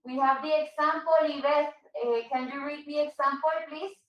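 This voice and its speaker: Woman, English teacher, patient, high voice, echoey room. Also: fairly even intonation, normal speed, fairly bright tone, distant mic. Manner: patient, switches to Spanish to explain. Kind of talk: online English class.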